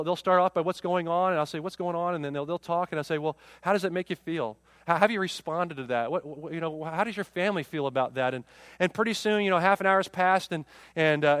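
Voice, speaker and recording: A man's voice: fairly high pitch, fairly bright tone, dry recording. A man in his forties, a pastor preaching a sermon, often repeating words as he goes. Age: 40s.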